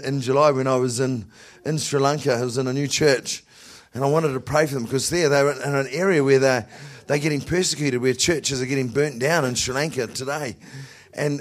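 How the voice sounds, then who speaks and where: A man preaching a sermon in an animated way, often laughing, repeating words and rising to shouts. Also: mid-range voice.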